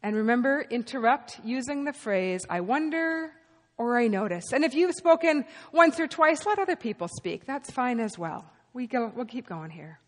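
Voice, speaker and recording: A woman's voice: fairly high pitch, lively intonation, normal speed. A woman pastor giving a conversational, interactive sermon and inviting her congregation to speak up. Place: church sanctuary with long reverb. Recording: reverberant church hall.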